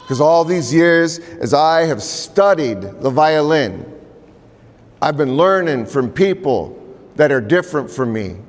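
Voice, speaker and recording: A man from the Pacific Northwest telling a story to a live audience in an unhurried, conversational way, with repeated names and pauses. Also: medium pitch. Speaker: storyteller and violinist. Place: large museum hall. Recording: long reverb in a large hall.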